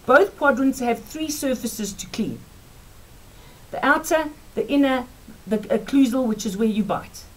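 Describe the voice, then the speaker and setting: South African woman vlogger, forties, fairly high-pitched, animated, talks straight to viewers, teacherly. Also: poor audio. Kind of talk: chatty storytelling to camera.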